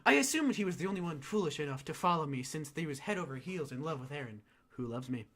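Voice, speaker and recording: A man reading a story aloud, with an animated delivery full of sudden loud emphatic rises. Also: a little high, quick pace. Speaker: reader.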